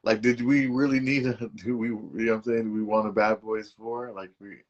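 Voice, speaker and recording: A man's voice: lowish voice, level tone, brisk, muffled recording. Laid-back man telling profane stories. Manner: loose, profane storytelling with many fillers. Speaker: podcast co-host. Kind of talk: casual movie podcast chat.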